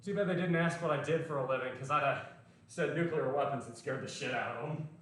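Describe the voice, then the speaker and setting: A man's voice: medium pitch, brisk, a bit bright. A man with a mild Southern US accent chatting casually and profanely while training at the gym. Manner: rambling, profane, joking. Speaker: lifting vlogger. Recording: very echoey room, from far off.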